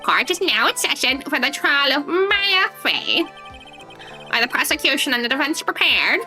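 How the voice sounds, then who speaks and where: Streamer girl doing a bright squeaky old judge guy, formal court talk, pitch all over the place. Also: big pitch swings, moderate pace, soft background music, full character voice. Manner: formal, ceremonial court speech. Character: stern elderly male courtroom judge. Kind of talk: voicing game characters on stream.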